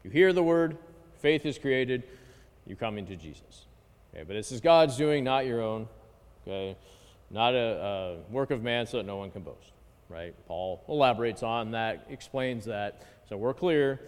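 A man's voice: mid-range voice, animated, clear, resonant tone. Man teaching a Bible class in a reverberant hall. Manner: checks in with listeners, constant "okay?" and "right?"; reads Greek and Hebrew phrases aloud slowly. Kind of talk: Bible study lesson.

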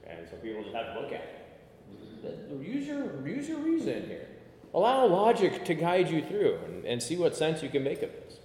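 A man's voice: fairly high pitch, big pitch swings, moderate pace, darkish tone. A man teaching a Bible study class in a conversational way, asking the group questions and explaining Greek words. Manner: conversational, asks the class questions, many "okay"s. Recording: echoey room with long reverb.

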